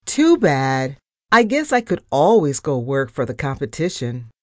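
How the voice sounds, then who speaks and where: A woman plays a pushy young female mouse reporter who talks her way into anything. She is brash and cheeky, her low voice bouncing through lively rises and falls. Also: unhurried, dry recording, clean studio sound, full character voice.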